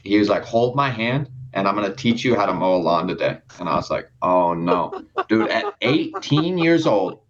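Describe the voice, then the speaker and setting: A man's voice: sits low, animated, moderate pace. A young man on a podcast telling a rambling story in casual chat, swearing often and acting out the people in it. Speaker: podcast co-host. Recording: dull lo-fi sound.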